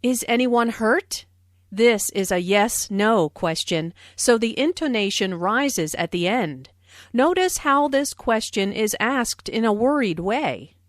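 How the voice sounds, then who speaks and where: A woman explaining English phrases in a scripted lesson, with slow, careful and clearly stressed speech. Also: mid-range voice, no echo, clean studio sound. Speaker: English teacher. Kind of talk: scripted lesson narration and dialogue.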